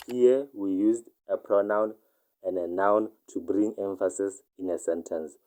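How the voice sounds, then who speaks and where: Slow, deep-voiced male language teacher. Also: dark tone, poor audio. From Botswana. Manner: says each example sentence twice, then translates it. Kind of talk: online language lesson.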